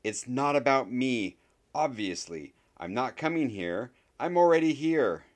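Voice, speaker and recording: A man's voice: on the low side, normal speed, pitched above the performer's own voice, lightly acted. A man voicing a tired eleven-year-old boy who speaks in a dull, resigned way. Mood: weary. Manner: dull, tired, flat delivery.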